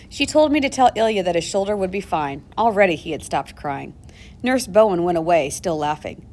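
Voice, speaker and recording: A woman narrating a novel aloud in the first person, expressive and moving between hushed and urgent tones. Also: on the low side, brisk. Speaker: audiobook narrator.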